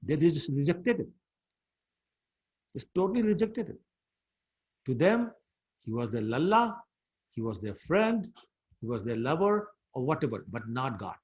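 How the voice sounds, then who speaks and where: A man teaching a scripture class, retelling stories in an animated way and taking questions. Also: a little high, unhurried, long pauses, husky, lo-fi sound. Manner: animated storytelling, mixing in Hindi words. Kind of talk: storytelling scripture lesson.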